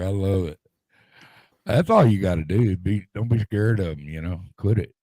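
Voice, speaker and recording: Man, stream co-host, low voice, animated, crude jokes, dry close sound. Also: normal speed, dry recording. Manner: loud, profane, jokey. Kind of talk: casual live stream chat.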